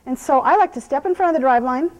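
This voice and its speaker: A woman with a fairly high voice teaches a horse clinic outdoors, walking viewers through each step of the groundwork in plain, practical words. She talks to the horse in soothing, encouraging tones between her explanations. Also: quick pace, a little mellow, low-quality recording. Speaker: horse trainer. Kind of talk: instructional clinic talk while working a horse.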